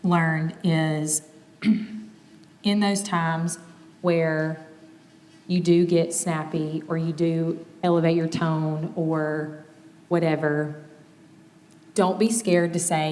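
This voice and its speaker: A woman's voice: low-pitched, little pitch movement, very slow, pauses often, long reverb tail. A mother in her thirties giving a plainspoken, conversational talk on family communication. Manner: conversational, plainspoken, gently quotes examples.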